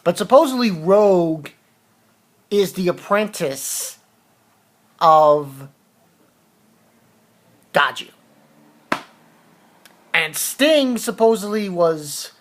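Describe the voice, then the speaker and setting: A man's voice: sits high, big pitch swings, slow, pauses often, fairly bright tone. A man recaps a manga chapter in a loose, unscripted way, his nose audibly stuffy. He wanders through the plot, trips over his words and starts sentences again and again. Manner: rambling, hesitant, with frequent restarts and fillers. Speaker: manga reviewer. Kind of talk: casual chapter review.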